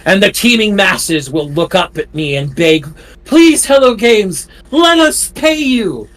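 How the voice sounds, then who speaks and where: A man's voice: fairly high pitch, moderate pace, sharp tone. A man putting on the voice of a grim, brooding male vigilante, delivering a theatrical mock-dramatic monologue on a casual podcast.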